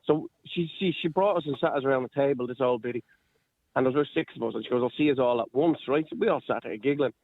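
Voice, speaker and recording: A man's voice: medium pitch, fast, no room sound. An Irish man calling in to a radio show, blunt and cynical, swearing as he talks. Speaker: caller. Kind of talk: radio phone-in chat. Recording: phone line.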